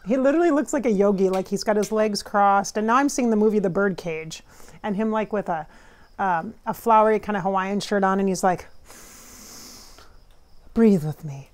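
Woman medium, guided meditation, soft unhurried delivery, mid-pitched voice. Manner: soft, unhurried and dreamy, trailing off. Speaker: spiritual medium.

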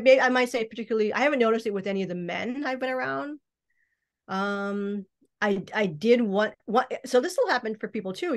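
A woman speaking as a guest in a casual podcast chat, rambling along with many restarts and hesitations. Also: medium pitch. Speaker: guest mystic. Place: podcast recording, remote or studio.

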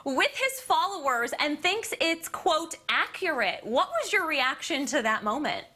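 A woman's voice: high voice, big pitch swings, unhurried, sharp tone. A woman hosting a TV morning show, bubbly and upbeat as she interviews a guest.

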